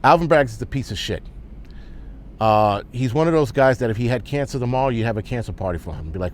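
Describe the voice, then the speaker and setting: A man delivers an angry vlog rant. He talks bluntly and swears freely. His voice sits at an ordinary, mid pitch. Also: expressive, quick pace, slight background noise. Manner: profane, blunt, heated. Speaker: prepper vlogger.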